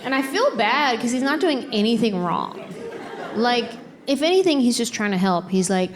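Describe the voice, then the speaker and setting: A woman's voice: on the high side, moderate pace. Exasperated woman comedian on a noisy stage. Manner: exasperated, animated, playful storytelling. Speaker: stand-up comedian. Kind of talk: stand-up comedy routine. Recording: live comedy show with laughing crowd. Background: audience laughter and applause.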